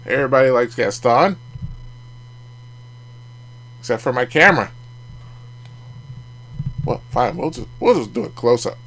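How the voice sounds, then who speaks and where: Hosting a casual card review vlog, a man speaks in a medium-pitched, fairly bright voice, animated yet a little slow, with frequent pauses. The card collecting channel host chats away, cracking jokes on the side and laughing at his own lines.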